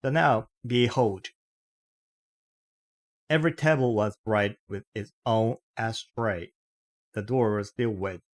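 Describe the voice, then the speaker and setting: Man, low voice, very slow pace, novel read aloud, careful with small slips. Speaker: reader.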